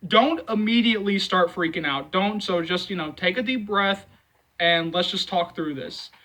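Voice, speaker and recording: A man's voice: high voice, moderate pace, sharp tone, low-quality recording. A man hosting a movie channel, talking casually and rambling, with many fillers and repeated phrases as he reassures fans. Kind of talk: casual commentary vlog.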